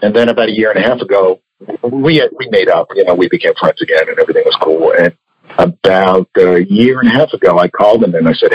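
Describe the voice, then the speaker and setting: A man's voice: low-pitched, fast talker, husky, no echo. An older man, a comics artist and former editor, talking candidly in an interview, swearing freely and telling stories. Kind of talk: casual interview talk. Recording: dull lo-fi audio.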